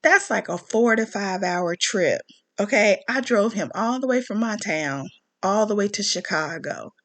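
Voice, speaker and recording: A woman talks straight to her viewers in a loose, ranting monologue, stopping often to check in with an "okay?" or a "you know?". Her pitch sits in the middle range for a woman, and her delivery is plain and conversational. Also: expressive, unhurried. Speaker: commentary channel host.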